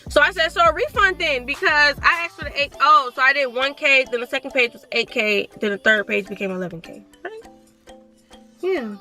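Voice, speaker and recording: High, bright-voiced young woman telling a story. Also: soft background music. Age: 20s. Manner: animated, reads messages aloud, talks fast. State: sore throat. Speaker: vlogger. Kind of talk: casual storytime.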